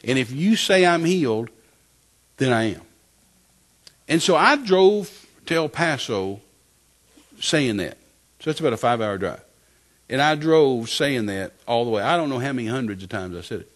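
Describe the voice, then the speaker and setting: An older man from West Texas, preaching and telling his testimony as a lively story, often repeating phrases. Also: medium pitch, normal speed, long pauses. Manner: animated storytelling, repeats phrases, acts out quotes. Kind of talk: sermon testimony.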